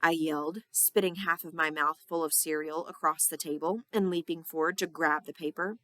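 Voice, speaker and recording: A woman teacher reading a children's novel aloud, giving the characters lively voices. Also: low voice, normal speed, no room sound. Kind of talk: storybook read-aloud.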